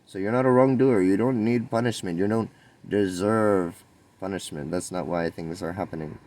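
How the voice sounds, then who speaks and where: A man's voice: low-pitched, moderate pace, a little mellow, slight background noise, poor audio. A man giving a rambling, spontaneous spiritual monologue, musing and meandering, with sudden lifts in his voice. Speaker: spiritual vlogger.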